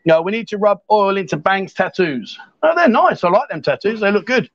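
A man's voice: high-pitched, expressive, brisk, a bit bright, no room sound, muffled recording. A man from England hosting a casual livestream, teasing his guest and reading viewer comments aloud in a jokey way. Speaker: livestream host. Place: bar in Thailand.

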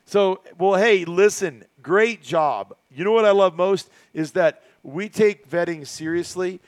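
Excitable man telling a story, high-ish voice. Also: unhurried, no room sound. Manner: excitable, laughs often, many restarts. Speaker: podcast host. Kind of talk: casual storytelling chat.

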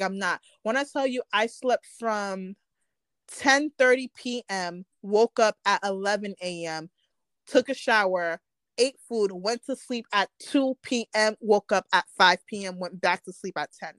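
A woman's voice: medium pitch, unhurried, a bit bright, no room sound. A young woman in casual conversation, telling candid, emotional stories and acting out what people said. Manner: candid, emotional storytelling with quoted dialogue. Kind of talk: casual chat.

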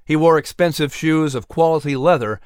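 A man reading scripted story narration in an expressive, lively way. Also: a little high, moderate pace, clean tone, no room sound, clean studio sound.

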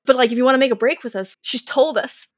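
A woman game master telling tabletop stories in casual chat, animated and quoting her players. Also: sits high, fast, no echo. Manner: animated, quotes players in lively voices. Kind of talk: casual podcast storytelling.

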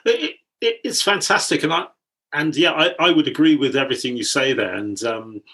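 A man's voice: on the high side, moderate pace, sharp tone. A man from England hosting a casual chat, telling anecdotes in a chatty way and laughing easily. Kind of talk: casual conversation.

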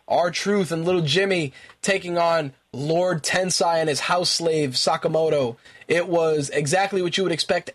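A man's voice: on the high side, a bit bright. A man hosting a talk radio show, ranting in profane, exasperated bursts and repeating himself when worked up. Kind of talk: ranting wrestling commentary.

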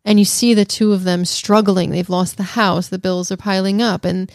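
A woman's voice: medium pitch, little pitch movement, moderate pace, darkish tone, no echo, clean studio sound. A woman co-hosting a casual film review podcast, thoughtful and teasing, often restarting her sentences. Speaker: podcast co-host.

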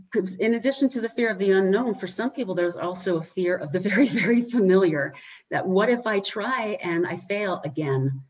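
A woman's voice: lowish voice, darkish tone, breathy edge. A woman talking reflectively in a casual discussion, with loose, conversational phrasing. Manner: reflective, conversational, uses hedging fillers. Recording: slightly muffled lo-fi audio.

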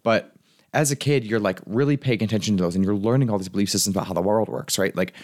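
Twenties guy coaching on his podcast, quick rambly chat, kinda low voice. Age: 20s. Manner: earnest, rambling, lots of "like" and restarts. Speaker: podcast host, life coach. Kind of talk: casual podcast monologue.

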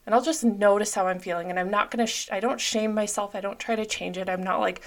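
A woman's voice: mid-range voice, fairly even intonation, fairly quick. A young adult woman hosting a self-help podcast, talking openly and earnestly with lots of fillers. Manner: open, earnest, filler-heavy. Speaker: podcast host.

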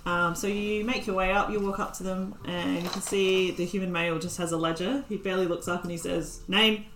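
A woman's voice: on the low side, flat delivery, brisk, roomy sound, crowd noise, poor audio. A woman running a tabletop game as game master, describing scenes to the players.

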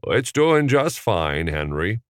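Man doing a folksy film-star drawl, hesitant, animated pitch, dry close recording. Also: takes it slowly, no echo. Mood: genial. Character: Jimmy Stewart impression, folksy stammering middle-aged man.

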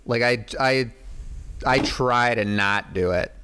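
A man's voice: mid-range voice, takes it slowly, sharp tone, clear, resonant tone. A man chatting casually as a podcast guest, laid-back and rambling, with lots of "man" and "like". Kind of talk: casual chat.

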